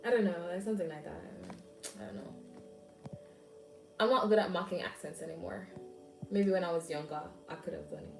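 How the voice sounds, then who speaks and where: A woman's voice: fairly low pitch, a little fast, gravelly, pauses often, echoey room, distant mic, faint music behind, rough recording. A young woman with a Jamaican accent, chatting casually to her viewers with rambling asides and frequent laughs. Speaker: vlogger. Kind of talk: casual chat.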